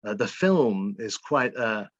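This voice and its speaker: A man's voice: fairly low pitch, animated, slow pace, dry recording, highs cut off. A man from England with a mixed Salford and Bolton accent, a guest author telling stories in an interview. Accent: northern English, Salford and Bolton mix. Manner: storytelling, imitates dialect phrases. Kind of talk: interview conversation.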